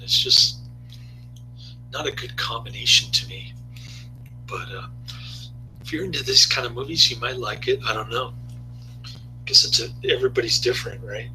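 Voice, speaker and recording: A man's voice: mid-range voice, pushed and bright, a little hiss or hum, poor audio. A man giving a rambling, laid-back casual video review, often chuckling to himself.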